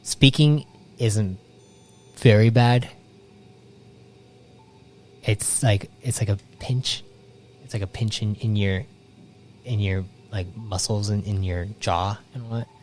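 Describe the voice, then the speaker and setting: A man narrating as game master, halting with many restarts and fillers, laughing often. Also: fairly low pitch, fairly even intonation, a little mellow.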